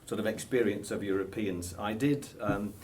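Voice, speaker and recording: A British man in his sixties, with a British accent, answers questions in a casual interview, hesitant and chuckling, with lots of ums. His voice is fairly low and darkish at a moderate pace, with slight background noise.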